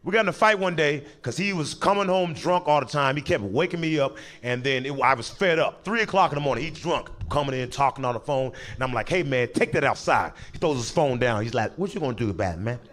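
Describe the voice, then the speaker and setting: A man doing stand-up, telling a long story and acting out the people in it with quick voice changes. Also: mid-range voice. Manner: animated, acts out characters in quick voices, breaks into laughter. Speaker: stand-up comedian.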